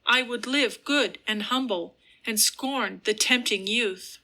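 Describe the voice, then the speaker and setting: A woman's voice: fairly high pitch, takes it slowly, bright, forceful tone, full character voice. A woman reading the part of a tormented young man, speaking earnestly and with passion. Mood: unsteady. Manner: earnest, impassioned declaring.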